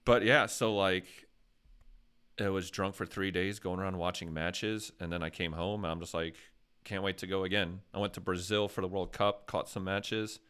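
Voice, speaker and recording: A man's voice: deep voice, steady tone, normal speed, fairly bright tone, clean tone. An American man hosting a casual podcast chat, telling rambling, jokey stories. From USA. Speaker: podcast host.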